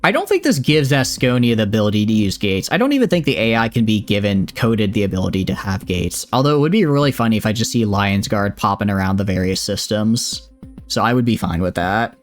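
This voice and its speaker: A man's voice: fairly low pitch, lively intonation, a little fast, faint music behind. A man with a Southern accent, chatting and joking while streaming a space game and reading its text aloud. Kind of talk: livestream gameplay commentary.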